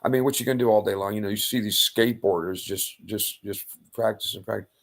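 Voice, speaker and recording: Low, gravelly male storyteller: casual, animated, punchy sound effects, crude language. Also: fast. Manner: animated, loud sound-effect outbursts and blunt profanity. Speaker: self-styled faith speaker. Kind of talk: casual retelling of a Bible story.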